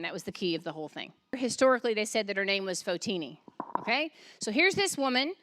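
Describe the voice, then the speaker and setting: A middle-aged woman teaching a spiritual group in a conversational, animated way, often checking in with "okay?". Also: on the high side, fast talker.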